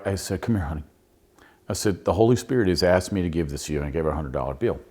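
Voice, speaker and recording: Brief: pastor in his middle years, low voice, relaxed anecdotal podcast monologue. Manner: folksy, anecdotal storytelling with restarts. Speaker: pastor and consultant.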